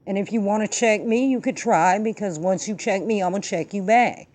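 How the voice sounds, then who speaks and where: A woman hosting her own vlog tells a story and rants about politics in casual, emphatic, profane, slangy talk. Her mid-range voice has a darkish tone and moves a little fast.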